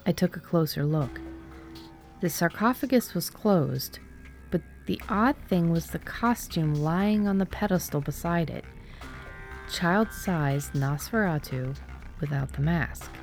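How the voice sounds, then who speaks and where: A woman's voice: low-pitched, a little mellow. A woman narrating a first-person Halloween mystery audiobook in a wry, playful manner.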